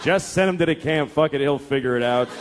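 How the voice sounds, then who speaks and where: A man's voice: fairly high pitch, a little fast. A man doing a stand-up comedy set, telling stories in a profane, exasperated way. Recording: live club with audience laughter and noise. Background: crowd laughing.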